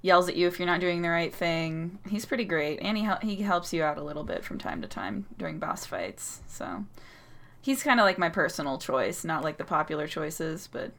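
A woman's voice: fairly low pitch, animated, moderate pace, creaky, fairly bright tone, slight background noise. A woman co-hosting a podcast in casual chat, playful and insistent in her opinions. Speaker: podcast co-host.

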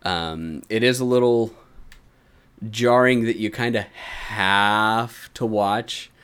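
A man's voice: on the low side, slow, a bit bright, clear, resonant tone. A man hosting a casual anime podcast, rambling, swearing and laughing often. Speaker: podcast host.

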